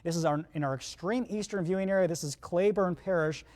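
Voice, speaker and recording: With a high-sitting, darkish voice and a slightly fast delivery, this male chief meteorologist covers a storm live. He guides viewers through radar conversationally and urgently, interrupted by hiccups.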